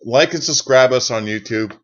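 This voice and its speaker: A man's voice: mid-range voice, normal speed, fairly bright tone. A man co-hosting a comedy podcast in casual chat, with dry, blunt remarks. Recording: muffled lo-fi recording.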